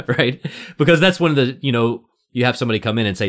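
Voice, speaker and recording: A man's voice: mid-range voice, very animated, fast, a bit bright. A man on a podcast panel, telling a chatty personal story loosely, with plenty of fillers. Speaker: co-host. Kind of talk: casual anecdote.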